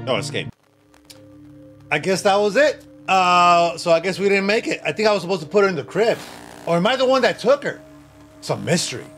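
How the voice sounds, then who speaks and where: A man playing a horror game on his channel, talking to himself and yelping with excitement. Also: high-pitched, brisk, music in the background. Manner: excitable, yelps and laughs, talks to himself.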